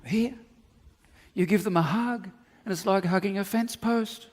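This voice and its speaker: A middle-aged Australian man preaching a sermon as pastor, telling animated stories with humorous asides. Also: sits high, measured pace. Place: church hall. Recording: long reverb of a church hall.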